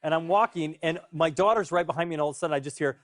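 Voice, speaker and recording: A man telling a funny story as a talk show guest, laughing and animated. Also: fairly high pitch, very fast, dry recording, studio quality. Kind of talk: casual anecdote.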